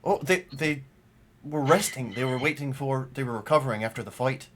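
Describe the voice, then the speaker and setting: A man's voice: medium pitch, a little fast, a bit bright, a little hiss or hum, natural voice. A man voicing an old, polite male gnome prisoner who stammers and hesitates a lot. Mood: hesitant.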